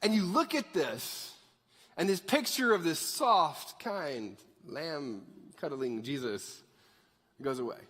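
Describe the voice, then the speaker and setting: A man's voice: a little high, slow pace. A male pastor giving a casual, jokey sermon in a church. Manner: animated, conversational, jokey. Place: church sanctuary. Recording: reverberant church hall.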